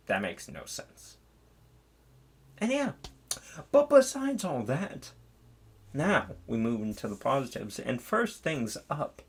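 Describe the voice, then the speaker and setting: A man giving a casual spoken movie review, rambling and swearing, with many fillers and restarts. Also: medium pitch.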